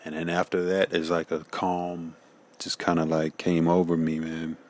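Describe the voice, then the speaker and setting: A man's voice: low-pitched, completely flat delivery, normal speed. A man giving a casual personal testimony, slangy and loose, often saying "man" and "you know.".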